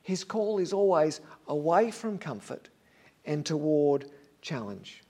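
A man with a high, light, warm voice preaches a sermon earnestly and with emphasis, repeating phrases to drive each point home. He is animated and speaks at a slow pace.

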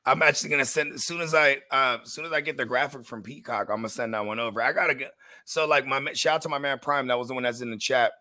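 A middle-aged man co-hosting a fantasy football show, talking in casual slang and telling animated stories. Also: medium pitch, fast, no echo. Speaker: podcast co-host. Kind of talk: casual chat.

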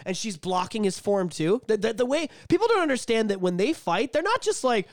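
A man co-hosting a casual podcast, excitable, swearing freely and acting out quotes with big swings in his voice. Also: sits high, fairly quick, dry recording, studio quality. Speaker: podcast co-host.

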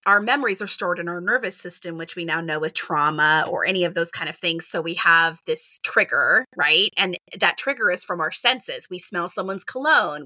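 A middle-aged woman, a kindergarten teacher, talking casually in an interview, animated and acting out quoted exchanges with lots of "like" and "right?". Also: on the low side, no room sound.

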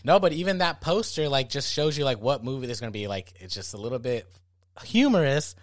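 A man's voice: mid-range voice, big pitch swings, a little fast, no echo, clean studio sound. A man co-hosting a podcast in casual chat, laid-back and slangy, laughing often. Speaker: podcast co-host.

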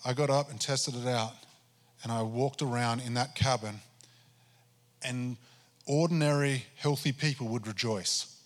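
Man pastor, mid-pitched, animated sermon storyteller, church reverb. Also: measured pace, pauses often. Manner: animated storytelling, acting out his own prayers. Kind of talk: sermon testimony.

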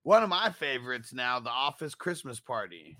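A man's voice: medium pitch, big pitch swings, moderate pace, bright, forceful tone, dry recording. A man co-hosting a casual podcast chat, laid-back, laughing often and swearing freely. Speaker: podcast co-host.

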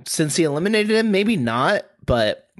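Lively-pitched hesitant man. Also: moderate pace. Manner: hesitant, full of ums and restarts. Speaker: podcast co-host. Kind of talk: casual chat.

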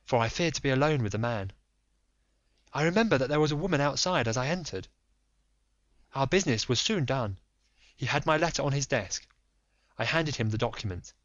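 A man's voice: a little high, no echo, natural voice. A man reading as a frightened noblewoman. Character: frightened young noblewoman confessing a secret. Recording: dull dry recording.

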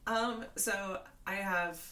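A woman co-hosting a podcast in casual chat, relaxed and a bit tipsy. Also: medium pitch, takes it slowly. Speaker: podcast co-host.

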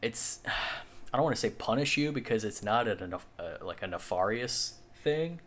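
A man's voice: medium pitch, animated, normal speed. A man co-hosting a podcast in casual chat, rambling with lots of fillers and the odd swear. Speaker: podcast co-host.

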